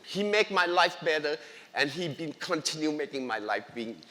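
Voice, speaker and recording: A man's voice: fairly high pitch, animated, normal speed, bright, forceful tone. A man giving an earnest, emotional personal faith testimony in a church, speaking English with non-native grammar. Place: church sanctuary. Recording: long reverb of a large hall.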